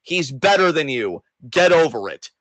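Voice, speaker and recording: A man rants about wrestling with mock outrage and heavy swearing, his voice a little higher than most. He talks into a close mic in a dry, dead room. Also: sing-song, moderate pace, fairly bright tone, no room sound, poor audio. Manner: exasperated, sarcastic, swears a lot. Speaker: wrestling podcast co-host. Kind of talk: casual profane wrestling rant.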